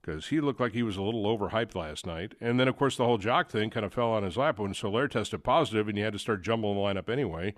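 Low-voiced male sports talk host. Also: fast talker, few pauses, no room sound, clean studio sound. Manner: rambling, conversational, many fillers and restarts.

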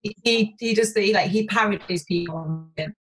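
A woman's voice: medium pitch, breathy edge, soft background music, low-quality recording. A woman from Warrington, talking candidly as a podcast guest, swearing freely and restarting her sentences. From Warrington, England. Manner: rapid, animated, swears freely, many restarts. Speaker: podcast guest, business owner. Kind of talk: candid conversational interview.

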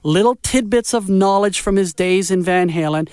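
A man hosting a music radio show, chatting in an animated, joking way. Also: high voice, moderate pace, clean tone, no echo, clean studio sound. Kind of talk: casual chat.

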